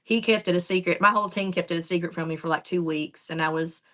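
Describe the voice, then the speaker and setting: A woman's voice: lowish voice, steady tone, fast talker, fairly bright tone. A young woman from Eastern Kentucky with a strong local accent, a country singer chatting easily and laughing often as a podcast guest from her home office. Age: young adult. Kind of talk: casual interview chat.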